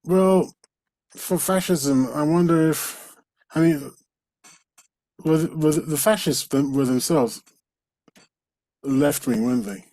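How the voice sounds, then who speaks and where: Deadpan, wry male podcast co-host. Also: on the high side, slow, pauses often, dry recording, poor audio. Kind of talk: casual chat.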